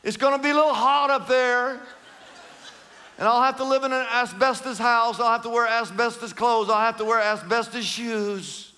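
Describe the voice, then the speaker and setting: A man's voice: very high-pitched, fairly even intonation, normal speed, pushed and bright, in a large hall, voice pushed up. A man voicing a carefree male sinner who shrugs off hell in a breezy, mock-nonchalant way. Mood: flippant.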